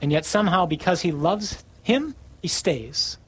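A man preaching a sermon, reading scripture with rising emphasis and dropping low for key lines. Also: lively intonation, unhurried, fairly bright tone, slightly rough, low-quality recording.

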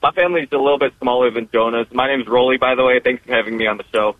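A young man of college age calling in, relaxed and casual, with frequent fillers. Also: medium pitch, rapid-fire, dry recording. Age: 20s. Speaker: caller. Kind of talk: casual call-in chat. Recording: tinny phone line.

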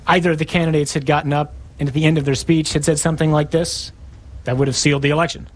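A man's voice: on the high side, breathy edge. A man preaching a sermon, acting out scripture with dramatic shifts in tone.

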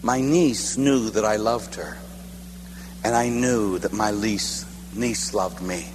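Animated man preaching in an echoey hall. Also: lowish voice, takes it slowly. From Pittsburgh, United States. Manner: animated, humorous, dramatic storytelling. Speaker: priest. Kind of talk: sermon with personal storytelling. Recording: echoey hall with faint hum.

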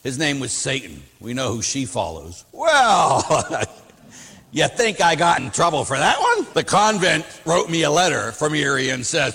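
A man, a Catholic priest, preaching a sermon in an animated, emphatic, anecdotal way. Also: on the high side, moderate pace, creaky, slightly rough. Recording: long reverb of a hall.

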